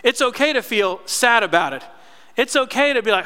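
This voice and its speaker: A pastor preaching a conversational sermon and drawing responses from the congregation. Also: male voice, very high voice, expressive, fairly quick, sharp tone, smooth. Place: church sanctuary. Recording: long church reverb.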